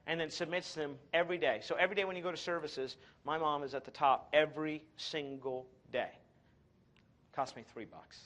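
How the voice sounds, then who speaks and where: Upbeat male seminar presenter, a touch high-pitched, with dry sarcasm and self-mockery. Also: brisk. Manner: energetic, sarcastic and self-mocking. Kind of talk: live marketing talk to an audience.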